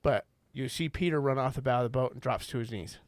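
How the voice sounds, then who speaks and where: A man co-hosting a faith podcast, telling a story in an earnest, animated way. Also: medium pitch, quick pace, dry recording. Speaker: podcast co-host. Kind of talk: casual faith podcast conversation.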